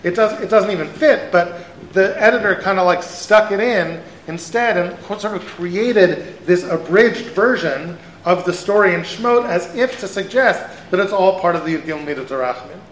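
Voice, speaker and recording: A rabbi teaching a class, a man speaking in an animated lecture style with lots of rhetorical questions. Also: high voice, normal speed, a little hiss or hum. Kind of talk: lively lecture. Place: event hall. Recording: roomy hall sound.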